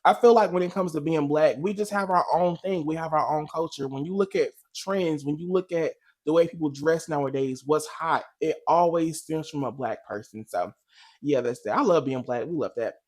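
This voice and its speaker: A man's voice: a little high, normal speed, darkish tone. A man hosting a casual reaction video, talking in a chatty, slangy, emphatic way. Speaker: commentary video host.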